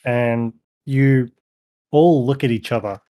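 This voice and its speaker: A man narrating as game master in a tabletop game, relaxed and pausing on fillers. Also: medium pitch.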